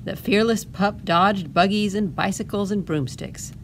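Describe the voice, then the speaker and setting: A woman librarian reading a picture book aloud to children, pausing for gentle explaining asides. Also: mid-range voice, a little hiss or hum. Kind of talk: storytime read-aloud.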